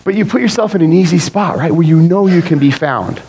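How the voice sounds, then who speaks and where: A middle-aged man delivers a conversational sermon with a slightly higher-than-usual voice. He talks to the congregation in an animated, casual way, often checking in with "right?". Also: a little fast, slight background noise, poor audio. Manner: animated, frequent "right?" asides. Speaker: preacher.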